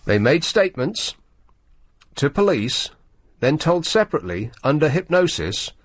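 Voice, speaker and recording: A man hosting late-night radio talk, his pitch rising and falling freely as he reads out a tabloid story and mocks it in wry asides. The sound is dry and close on a studio microphone. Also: sing-song, measured pace, no echo. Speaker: radio host.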